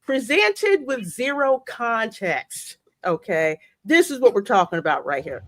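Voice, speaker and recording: A woman's voice: fairly high pitch, a little slow, a little hiss or hum. A woman hosting a casual live-stream podcast, laughing often and talking with a lot of energy. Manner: lively, laughs often, Southern phrasing. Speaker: podcast host.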